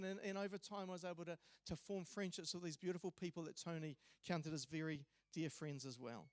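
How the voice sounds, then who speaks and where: A man delivers a memorial eulogy in a church, telling stories conversationally with small hesitations. His voice sits high for a man. The recording is dry and close, with little room sound. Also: steady tone, quick pace, hardly any pauses, no echo. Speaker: eulogy speaker.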